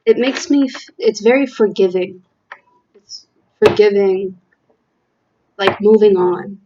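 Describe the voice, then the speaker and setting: A woman talks through a tarot reading at an unhurried pace, stopping often to gather her thoughts. Her voice is mellow and soft-edged. The recording sounds a little dull and lo-fi. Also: mid-range voice, slight background noise. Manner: slow, halting, reflective with fillers. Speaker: tarot reader. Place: home room with windows.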